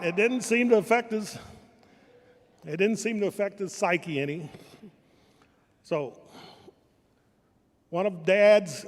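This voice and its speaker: An older man from Kansas giving a humorous speech about his family, telling anecdotes in a dry manner and correcting himself as he goes. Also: fairly high pitch. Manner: dry storytelling with self-corrections. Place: event hall. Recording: reverberant hall.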